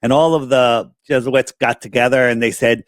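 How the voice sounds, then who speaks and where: A man's voice: medium pitch, normal speed, no echo. A man talking as a guest on a casual podcast, telling stories animatedly and acting out the lines of people in them. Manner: animated storyteller, acts out quoted dialogue.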